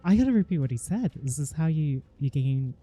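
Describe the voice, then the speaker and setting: A young woman chats on stream in a low, dark, mellow voice that bounces up and down a lot. She talks in an unhurried way and breaks into giggles of disbelief. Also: very animated, husky, faint music behind. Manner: giggly, incredulous reactions. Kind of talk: casual chat.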